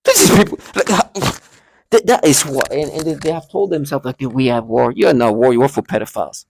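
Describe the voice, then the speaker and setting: A man's voice: a little high, sing-song, brisk, creaky, a little mellow, husky, dry recording. A man talking emotionally to camera in an agitated monologue, stammering and repeating words as he goes. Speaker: vlogger.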